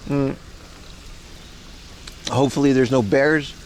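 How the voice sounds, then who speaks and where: A man from the Netherlands rambles and laughs his way through a rainy mountain town on a casual outdoor livestream, chatting with viewers. His medium-pitched voice is fairly even and slow, and the low-quality recording has slight background noise.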